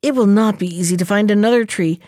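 A woman voicing a sly, scheming male fox in a storybook reading, speaking in a smooth, falsely polite way. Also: mid-range voice, quick pace, a little mellow, dry recording, studio quality, natural voice.

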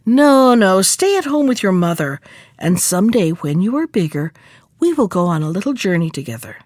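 A woman's voice: medium pitch, very animated, moderate pace, darkish tone, no echo, studio quality, natural voice. A woman voicing an anxious mother hen in a storybook reading, fretful and pleading as she scolds.

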